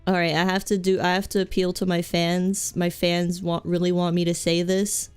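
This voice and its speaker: A woman's voice: fairly low pitch, level tone, moderate pace, clear, resonant tone, faint music behind. A young woman streaming a game, chatting in a rambling, goofy, self-mocking way with many restarts. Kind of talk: live game stream chat.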